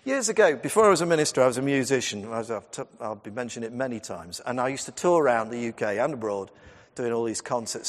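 A man's voice: medium pitch, fast. A man in his fifties, a Methodist minister, preaching a sermon in a chatty storytelling way with humour and asides to the congregation. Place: church. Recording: long church reverb.

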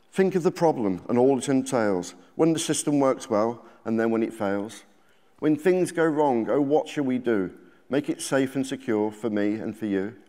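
Author reading his picture book live, mid-pitched man, sing-song rhyme, echo of a large hall. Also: darkish tone. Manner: sing-song rhyming cadence, theatrical quoted voices. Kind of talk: rhyming storybook reading to a live audience. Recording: reverberant conference hall.

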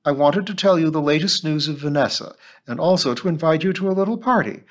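As a man putting on a woman's voice, give a firm, bossy middle-aged lady, raised in pitch, brisk and no-nonsense in a read-aloud storybook. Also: animated, close to an everyday voice. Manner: firm, stern, bossy and cheerful.

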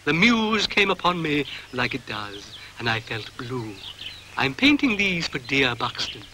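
A man voicing a theatrical, arty female cow who gushes and swoops high. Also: big pitch swings, a little slow, bright, forceful tone, a little hiss or hum, exaggerated voice, poor audio. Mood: dreamy.

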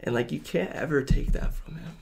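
A man's voice: a little high, brisk, creaky, darkish tone, a little hiss or hum. A man sharing a personal faith story in casual conversation, earnest and rambling, with lots of fillers. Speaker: podcast guest. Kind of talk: casual testimony chat.

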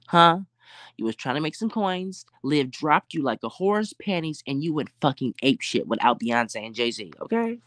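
A host of a commentary channel rants in a confrontational, profane way, firing off slangy rhetorical questions and drawn-out taunts. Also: mid-range voice, dry recording, clean studio sound. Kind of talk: live commentary rant.

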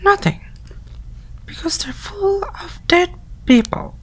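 A man voicing a sarcastic teenage friend in a high, breathy whisper with a mocking manner. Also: lively intonation, takes it slowly, fairly bright tone, full character voice. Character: teasing, snarky teenage friend. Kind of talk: voicing game dialogue.

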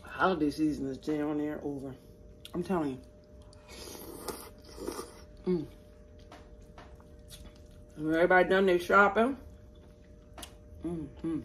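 A woman's voice: low-pitched, steady tone, measured pace, long pauses, a bit bright, a little hiss or hum. A woman hosting an eating show, chatting with viewers in a casual, familiar way between bites. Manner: chatty, talks to viewers as y'all, eats between lines. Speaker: mukbang host.

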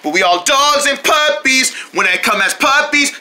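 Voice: high voice, animated, moderate pace, few pauses, sharp tone, slight background noise. A children's show host narrating in a cheerful sing-song, talking straight to young viewers.

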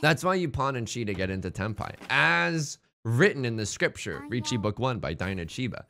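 A man's voice: medium pitch, lively intonation, normal speed, gravelly, sharp tone. A young man giving casual, rambling, jokey commentary while playing a tile game, full of restarts and self-mockery. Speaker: let's play host. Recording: faint music behind.

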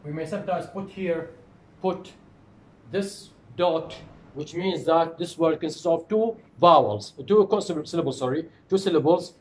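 A man giving a recorded phonetics lecture, slow and deliberate, repeating example words to model their pronunciation. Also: fairly high pitch, slight background noise, rough recording.

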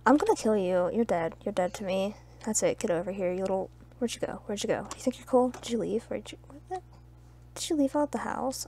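A woman's voice: medium pitch, vocal fry, slight background noise. A young woman chatting casually while playing a video game with friends, teasing and trash-talking with bursts of laughter. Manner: playful trash talk with loud laughs. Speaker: gamer. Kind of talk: casual gaming chat.

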